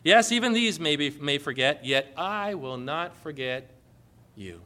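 A man preaching a sermon with passion, building to emphatic, forceful proclamations. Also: on the high side, very animated, unhurried.

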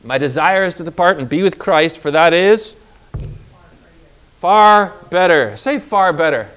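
A man's voice: on the high side, animated, normal speed, fairly bright tone, clear, resonant tone. A man preaching a sermon with emphatic delivery, stretching out key words and calling on the congregation to repeat phrases.

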